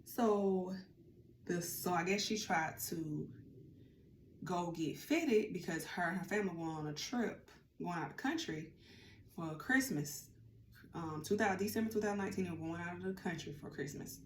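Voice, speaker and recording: A woman vlogger telling a casual storytime, chatty and animated, acting out what others said. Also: lowish voice, moderate pace, a little hiss or hum. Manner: chatty, animated, acts out quotes. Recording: roomy room with faint ambience.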